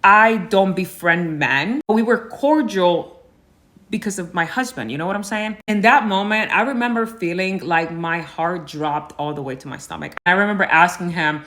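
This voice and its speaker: Woman telling a storytime in a lower voice. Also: moderate pace, a bit bright. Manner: conversational, many likes and fillers. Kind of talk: storytime monologue.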